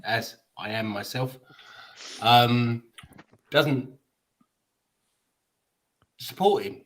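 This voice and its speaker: A man's voice: mid-range voice, drawn-out words, low-quality recording. A man co-hosting a casual football podcast, hesitant and full of ums. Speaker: podcast co-host. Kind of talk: casual fan podcast chat.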